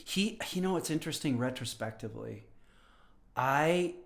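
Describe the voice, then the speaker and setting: A man in his fifties, a professor and podcast guest, telling stories in casual conversation and clearing his throat now and then. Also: mid-range voice, lively intonation, normal speed. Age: 50s. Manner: storytelling, often clears throat.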